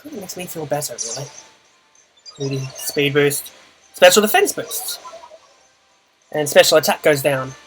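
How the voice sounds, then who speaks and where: A man's voice: a little high, lively intonation, measured pace, pauses often, a bit bright, soft background music, rough recording. A young man giving a dry, muttered running commentary on his own game, groaning at setbacks. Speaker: channel host and player. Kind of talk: live gameplay commentary.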